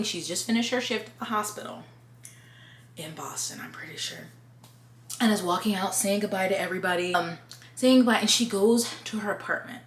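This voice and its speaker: A woman's voice: on the low side, fairly bright tone. A young woman casually recapping a film in a chatty, rambling way, full of fillers. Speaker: video creator recapping a film. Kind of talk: casual chat. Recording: echoey room with faint hum.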